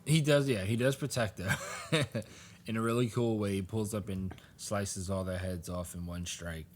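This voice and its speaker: A man's voice: lowish voice, steady tone, normal speed, a little hiss or hum. A man co-hosting a podcast, casually recapping a comic, rambling and laughing often as he acts out lines. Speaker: podcast co-host.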